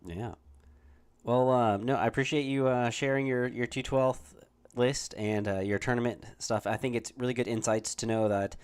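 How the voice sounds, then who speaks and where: A man's voice: mid-range voice, steady tone, moderate pace, smooth. A man hosting a casual livestream chat, easygoing and rambling. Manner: easygoing, rambling with many fillers and restarts. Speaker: host.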